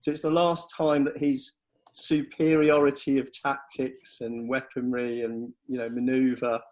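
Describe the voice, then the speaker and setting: A man's voice: medium pitch, flat delivery, a little slow, darkish tone, rough recording. Enthusiastic man explaining military history. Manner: enthusiastic, explanatory, with frequent restarts. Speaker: history guest explaining battles. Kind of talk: casual chat.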